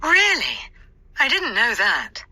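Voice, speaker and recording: Lady reading upbeat traveler girl for an english textbook, high bright voice. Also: huge pitch swings, slow pace, no room sound, heavily acted. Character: female traveler Adriana in a textbook dialogue. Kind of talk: scripted dialogue reading.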